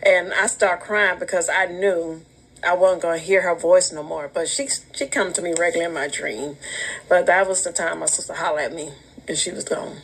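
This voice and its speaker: A woman telling a personal story casually, animated and emotional, laughing through it. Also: on the low side, moderate pace, slight background noise, low-quality recording. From Alabama, US.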